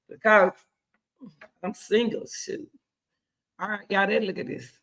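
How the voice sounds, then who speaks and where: A woman hosting casual reaction commentary, excitable and chatty, repeating herself often. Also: medium pitch, a little slow, creaky, long pauses. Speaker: commentary host.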